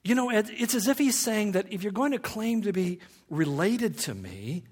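A man's voice: high-pitched, big pitch swings, normal speed, slightly rough. A man preaching a sermon in a conversational way, with humorous asides and rhetorical questions.

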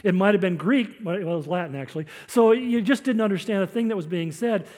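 A man's voice: sits high, darkish tone. An older man preaching a sermon, explaining scripture in a teaching tone with storytelling asides. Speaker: pastor.

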